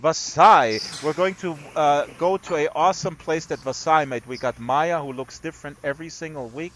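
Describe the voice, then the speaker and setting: A male host chatting live with a rowdy group in a virtual world. His voice is bright and forceful, sitting a little high, and he jokes and teases freely. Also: moderate pace. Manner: playful, joking, rowdy. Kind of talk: casual live stream chat.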